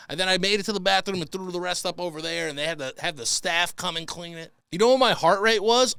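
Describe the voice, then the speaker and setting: A man's voice: sits high, fast talker, creaky, few pauses, sharp tone, clear, resonant tone, no echo. A young adult man hosting a podcast, telling comic stories in a profane, exasperated rant. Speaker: podcast host. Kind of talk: comedic storytelling monologue.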